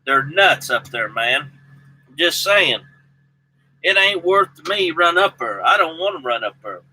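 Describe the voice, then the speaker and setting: A man's voice: on the high side, animated, measured pace, pushed and bright, slightly rough, rough recording. A man with a Southern US accent, a truck driver chatting casually and rambling to his viewers by name. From Southern United States. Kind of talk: casual live chat with viewers.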